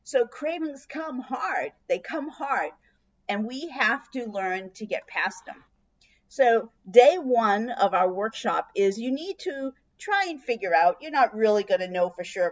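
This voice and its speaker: Expressive woman telling a story, lo-fi sound. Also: fairly high pitch. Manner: storytelling with expressive voiced asides. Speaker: diet workshop host. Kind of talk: motivational talk. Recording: dull lo-fi recording.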